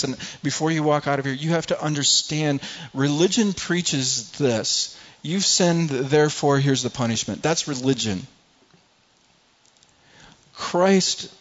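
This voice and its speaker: A man preaching a sermon, earnest and repetitive, often restarting words and reading scripture aloud to the congregation. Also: mid-range voice. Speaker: pastor. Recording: dull lo-fi recording.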